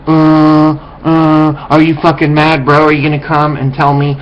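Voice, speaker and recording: A man's voice: on the high side, fairly even intonation, normal speed, few pauses, dull audio, slight background noise. A man delivering a profane, contemptuous ranting monologue as a vlogger, lecturing his viewers.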